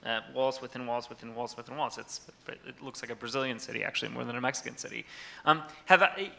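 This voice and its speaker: A man speaking on an academic conference panel, measured and argumentative. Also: mid-range voice, vocal fry, pushed and bright, a little hiss or hum.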